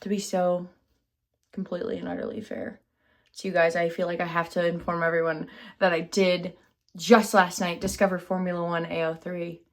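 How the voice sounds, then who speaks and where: A woman's voice: on the low side, little pitch movement, moderate pace. A woman vlogger chatting casually to camera, scattered and self-deprecating, losing her thread often. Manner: scattered and self-deprecating, many fillers and restarts. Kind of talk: rambling casual chat to camera.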